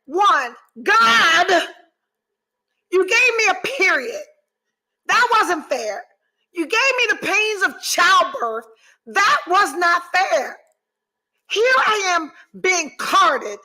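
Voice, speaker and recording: Her voice is very high-pitched and sing-song, with a sharp tone, and she takes things slowly, pausing often. She's a forties-aged woman hosting a podcast, reading viewer comments with lots of swearing and candid chat while swinging theatrically between mock despair and laughter, on a low-quality recording.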